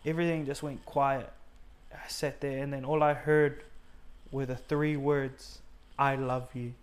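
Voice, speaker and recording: In an unhurried way and with little pitch movement, a medium-pitched man from New Zealand earnestly relates his personal faith story in conversation as a guest. He acts out quotes from himself and others and leans on many fillers.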